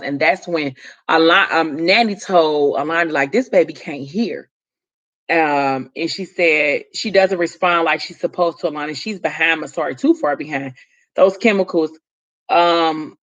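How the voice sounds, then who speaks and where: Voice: medium pitch, highs cut off. Chatty vlogger rambling through a story recap. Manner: rambling, loose retelling with many fillers and asides; talks straight to viewers, chatty. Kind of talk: casual story recap to viewers.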